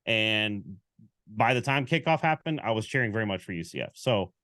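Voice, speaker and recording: A man co-hosting a casual sports podcast, telling stories with lively quoted back-and-forth. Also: lowish voice, normal speed, no echo, studio quality. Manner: animated storyteller, acts out quoted exchanges. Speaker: podcast co-host.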